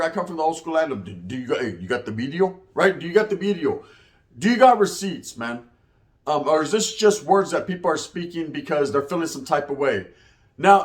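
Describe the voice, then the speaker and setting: Man, slightly high voice, rambling street-slang commentary, profane. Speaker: commentary vlogger.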